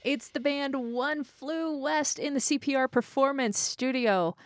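A woman's voice: high voice, a little slow, soft background music. A woman hosting a radio studio interview in an upbeat, conversational way. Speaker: radio host.

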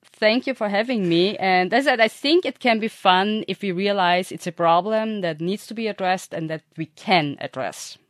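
A woman's voice: medium pitch, moderate pace, dry recording, clean studio sound. Earnest woman scientist explaining. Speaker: atmospheric scientist. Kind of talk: expert interview.

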